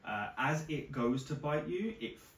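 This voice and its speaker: A man's voice: on the high side, lively intonation, normal speed, fairly bright tone. A man narrating as game master, loosely describing the action with frequent restarts. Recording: roomy distant mic, faint noise.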